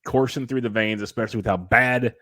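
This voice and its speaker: A man hosting a casual sports podcast, energetic and rambling with lots of jokes. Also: mid-range voice, brisk, no room sound, studio quality. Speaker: podcast host.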